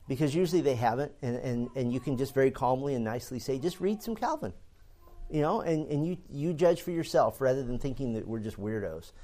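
A man's voice: mid-range voice, dark tone. A man giving a theology lecture in an earnest, explanatory way, often restarting phrases with fillers. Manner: earnest, repeats words while thinking, many fillers. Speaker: theology teacher. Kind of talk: classroom lecture.

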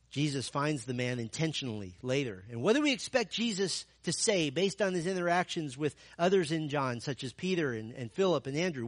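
A man's voice: a little high, no echo, studio quality. A man preaching a sermon, telling the story with rhetorical questions and emphatic repetition. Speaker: pastor.

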